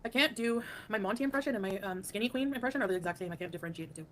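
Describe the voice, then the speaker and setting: Woman streamer, quick casual chatter, laughs a lot, greets chat by name, faint noise under the voice. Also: medium pitch, a bit bright. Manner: thanks chat by name, laughs often, sings snatches. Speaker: livestreamer reading chat.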